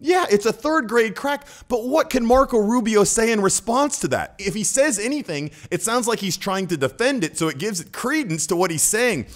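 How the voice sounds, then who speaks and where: A man's voice: sits high, lively intonation, moderate pace, few pauses. A man hosting a video channel, casually breaking down a clip in an analytical way and laughing now and then. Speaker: social skills coach and channel host.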